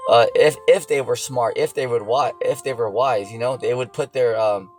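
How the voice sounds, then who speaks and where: Man, off-the-cuff preaching, blunt and profane, average pitch, faint music behind. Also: steady tone, moderate pace, rough recording. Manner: blunt and profane, keeps asking "see that?" and "you know?". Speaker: religious teacher.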